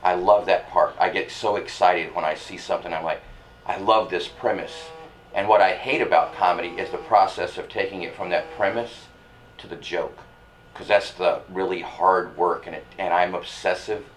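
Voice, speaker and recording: A man's voice: low voice, fairly even intonation, moderate pace, a little hiss or hum, low-quality recording. A man, a comedian guest, talking reflectively and earnestly in a casual chat.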